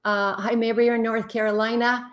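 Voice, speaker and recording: A woman's voice: a little high, level tone, normal speed. A woman hosting a live relationship-advice stream. She greets viewers in a chatty way and gives blunt, practical answers to their comments, sounding a little worn out after a long day. Her voice swells and fades as she leans toward and away from her webcam mic. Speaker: relationship expert host. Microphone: webcam mic, moves toward and away from it.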